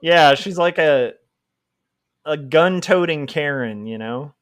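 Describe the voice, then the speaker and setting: A man's voice: fairly high pitch, animated, takes it slowly, fairly bright tone. A young man chatting casually and rambling with lots of fillers while he draws on a livestream. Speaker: livestreaming comic artist.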